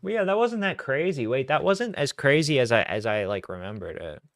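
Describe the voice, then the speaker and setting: Young man, streamer commentary, casual, rambling, dry close sound, mid pitch. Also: expressive, fairly quick, a bit bright, dry recording. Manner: rambling, self-correcting, laughs between points.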